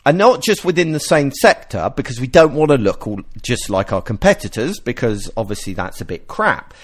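Animated man explaining on a podcast. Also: mid-range voice, normal speed. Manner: animated, explanatory, self-interrupting. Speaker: podcast host. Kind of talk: casual podcast chat.

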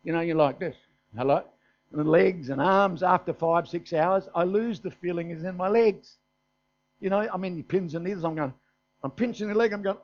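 A man's voice: high-pitched, fairly quick. An older man with an Australian accent, preaching a sermon in a folksy storytelling way, often asking "is that right?". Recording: dull, muffled sermon recording.

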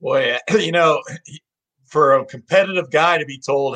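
Man, interview host, slightly high pitch, friendly, joking, casual chat. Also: a little slow, fairly bright tone. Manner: friendly, joking, short replies.

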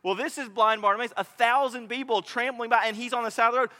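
A middle-aged man preaching a sermon with animated storytelling, his voice high and bright. The sound carries a long reverb from a church hall. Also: fast. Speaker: pastor.

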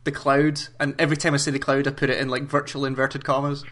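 A man hosting a casual gaming podcast, relaxed, swearing offhand and steering the conversation. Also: mid-range voice, fast. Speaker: podcast host.

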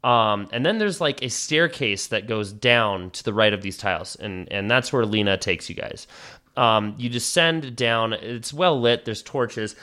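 A man's voice: lowish voice, unhurried, bright, forceful tone. A man narrating a tabletop game as game master, casual and rambling with lots of fillers.

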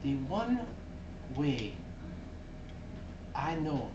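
A man's voice: medium pitch, big pitch swings, drawn-out words, distant mic. A man voicing a cruel, scheming pirate queen in a tabletop game, with a cold, menacing delivery. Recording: dull, noisy, echoey room.

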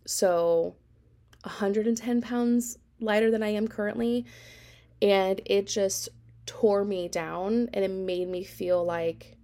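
Woman in her 30s, podcast host, candid and reflective, lots of "kinda" and "um", bit of vocal fry. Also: mid-range voice, a little slow, dark tone. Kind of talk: personal storytelling podcast.

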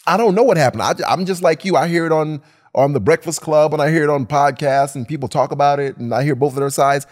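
A man's voice: fairly high pitch, fast talker. A man co-hosting a casual podcast, talking emphatically and swearing freely. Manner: animated, emphatic, swears, acts out quoted voices. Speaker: podcast co-host.

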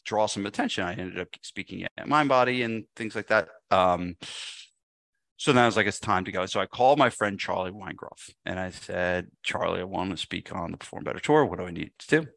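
A man's voice: low voice, fairly quick, creaky, no room sound. A man, a podcast guest, telling a story in casual chat with lots of fillers and restarts. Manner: animated, many fillers and restarts. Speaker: podcast guest, gym business speaker.

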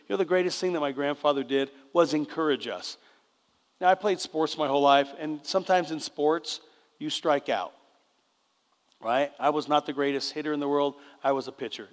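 An older man giving a conversational sermon as a preacher, often checking in with the congregation. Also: on the high side. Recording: long reverb of a church hall.

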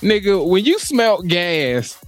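Casual podcast co-host, young adult man, lively swearing storyteller, faint music bed. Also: high voice, takes it slowly. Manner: animated storyteller, laughs often, swears freely. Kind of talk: casual chat.

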